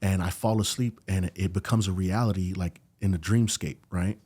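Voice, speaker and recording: Man telling a story in a low, dark voice. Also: normal speed, slightly rough. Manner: animated storyteller, acts out quoted dialogue. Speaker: podcast guest. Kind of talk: storytelling in casual conversation. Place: podcast studio.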